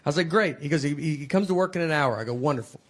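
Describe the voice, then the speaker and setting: A man in his forties doing stand-up comedy in a slow, deadpan storytelling way. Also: fairly high pitch. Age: 40s. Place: live stage with audience laughing. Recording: live show with crowd laughter and noise.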